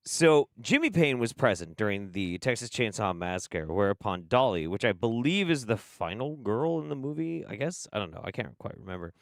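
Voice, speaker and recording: A young adult man hosting a stream, reacting in animated casual commentary, swearing and laughing often. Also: fairly low pitch, moderate pace, few pauses, no room sound, studio quality. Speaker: streamer host.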